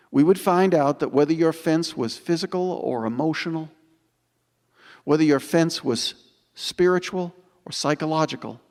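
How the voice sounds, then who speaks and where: A man in his sixties giving an inspirational storytelling speech, building dramatic repetitions with slow, emphatic pauses. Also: fairly high pitch. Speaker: motivational speaker. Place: large auditorium. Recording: long auditorium reverb.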